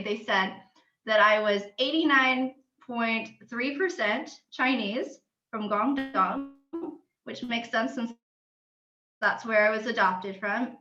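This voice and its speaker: Young woman chatting through her book slides, bright tone, roomy echo, laughs a lot. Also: on the high side. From United States. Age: young adult. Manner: chatty, explanatory, laughs often. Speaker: author. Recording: roomy and dull lo-fi.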